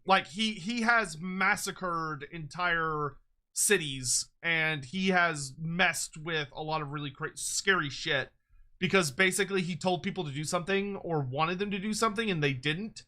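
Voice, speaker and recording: A man streaming a casual reaction, excitable and quick to laugh and swear. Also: high voice.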